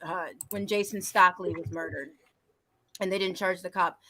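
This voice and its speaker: A woman's voice: fairly low pitch, fairly even intonation, moderate pace, a bit bright. A woman on a discussion panel, speaking hesitantly with many fillers and restarts.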